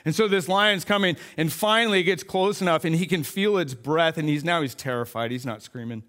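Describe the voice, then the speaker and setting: A young adult man, a pastor, telling a comic story in an animated sermon. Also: fairly high pitch, fairly quick.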